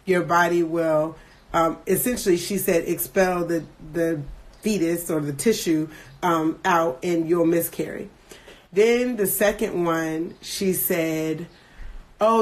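A woman in her thirties, emotional and earnest, candidly telling a personal story to her viewers with many pauses and restarts. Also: lowish voice. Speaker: livestream host sharing a personal story.

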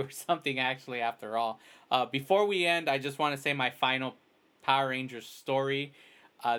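A man's voice: medium pitch, a bit bright, smooth. A man hosting a podcast in casual chat, rambling through a long personal story and acting out his own quoted remarks. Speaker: podcast host.

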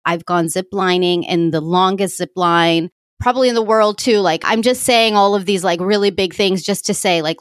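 A woman coach casually telling a story to her listeners, animated and quick to laugh, acting out the dialogue. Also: on the low side, no echo, studio quality. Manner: animated, laughs often, acts out quoted dialogue.

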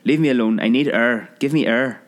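A man's voice: lowish voice, expressive, racing, a little mellow. A man voicing a vain grown man in a storybook reading, spluttering and whiny, in a raised voice. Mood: desperate. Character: vain grown man, panicky and self-pitying.

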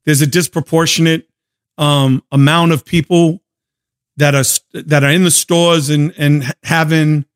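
A hoarse man hosting a casual livestream chat, telling stories in an animated, slangy way. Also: fairly high pitch, unhurried. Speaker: show host.

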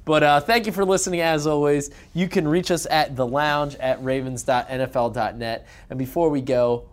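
A man's voice: a little high, steady tone, normal speed, few pauses. A man co-hosting a team podcast in casual chat, joking and bantering playfully. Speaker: podcast co-host.

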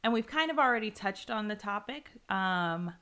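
Very bright-voiced woman in casual chat. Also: fairly high pitch, a little fast. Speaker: podcast co-host.

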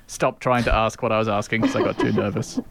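A man's voice: lowish voice, steady tone, quick pace, gravelly, very noisy. An Australian man co-hosting a casual chat, dry and self-deprecating about his own anxieties. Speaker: podcast co-host.

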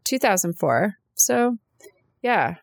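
A woman's voice: mid-range voice, big pitch swings, slow, gravelly, no echo. A middle-aged woman co-hosting a casual chat, telling personal stories in a chatty, emotional way. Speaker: podcast co-host.

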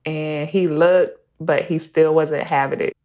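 A woman's voice: deep voice, steady tone, measured pace, muffled recording. A mother in her thirties telling a personal story in a casual, chatty way. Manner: casual, conversational, laughs while telling.

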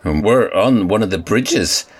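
Man playing a bemused radio reporter, low voice, dry and polite, comedy sketch. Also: lively intonation, a little slow, husky.

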